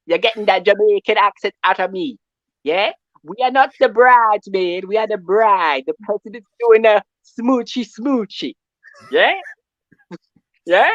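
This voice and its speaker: A male caller ranting about football, loud and animated, who keeps asking "yeah?" between points. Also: high voice, moderate pace, no echo, highs cut off. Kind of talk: call-in football rant.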